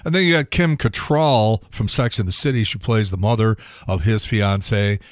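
A man's voice: fairly low pitch, normal speed, no echo, clean studio sound. A middle-aged man hosting a podcast, giving a blunt, opinionated movie review in a grumbling, rambling monologue with some swearing. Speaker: podcast host.

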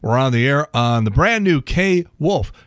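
Wry American radio host, dry studio. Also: male voice, mid-range voice, lively intonation, normal speed, clean tone, no room sound. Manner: wry, sardonic storytelling. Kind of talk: casual solo podcast monologue.

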